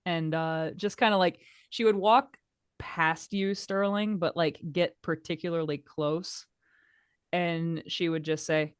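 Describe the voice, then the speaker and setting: A woman's voice: on the low side, steady tone, takes it slowly, clean tone, no room sound, clean studio sound. A woman playing a tabletop game, describing her character's moves in a chatty, giggly way full of fillers. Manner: chatty, giggly, lots of "like" and "kinda". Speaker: tabletop player. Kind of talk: casual tabletop role-play.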